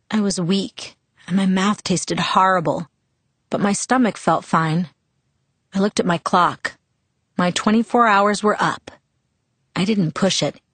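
A young adult woman reading a novel aloud in an even, calm first-person narration on a close mic. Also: lowish voice, no echo. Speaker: audiobook narrator. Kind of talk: audiobook narration.

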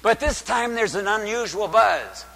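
Priest giving a sermon: high, lively and bright male voice, booming and dramatic, with long church reverb. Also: measured pace, creaky. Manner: dramatic, addresses the congregation with rhetorical questions; booming preacher's delivery. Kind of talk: liturgical sermon.

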